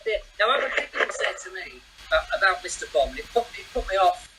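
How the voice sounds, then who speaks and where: A man, a guest telling rambling, animated stories in a casual chat. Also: high voice, fast, very noisy. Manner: animated, rambling storyteller who acts out voices.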